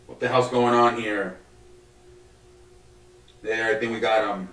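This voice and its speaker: A man's voice: fairly low pitch, fairly even intonation, measured pace, fairly bright tone. A man hosting a solo sports podcast, rambling and swearing with many restarts. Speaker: podcast host. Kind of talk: casual solo sports talk. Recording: echoey room, distant from the mic.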